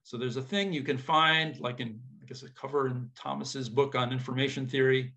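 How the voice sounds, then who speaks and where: Man, mid-pitched voice, informal math lecture, thinks aloud, casual asides, checks audience follows. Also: fairly even intonation, moderate pace, bright, forceful tone.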